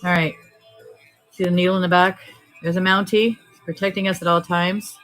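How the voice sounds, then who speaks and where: A woman selling postcards on a live-stream auction, talking briskly and joking as she sorts through stacks. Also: lowish voice, level tone, fairly bright tone, faint music behind, low-quality recording. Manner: brisk, joking, thinking aloud while sorting items. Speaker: online auction seller.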